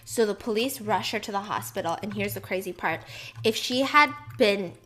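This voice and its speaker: A woman telling a true-crime story in a casual, animated, chatty way, with fillers and asides. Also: medium pitch, moderate pace. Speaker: storyteller host.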